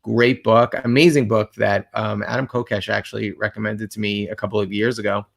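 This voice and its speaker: Earnest man with a gravelly voice. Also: fairly low pitch, level tone, a little fast. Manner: earnest, reflective, with many fillers. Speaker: co-host of a couples livestream. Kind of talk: casual conversational talk.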